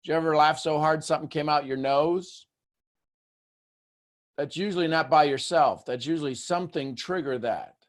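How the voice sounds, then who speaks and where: A man hosting a motivational talk, firing rhetorical questions at listeners and swinging between hushed asides and loud bursts. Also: fairly high pitch, moderate pace. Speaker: host.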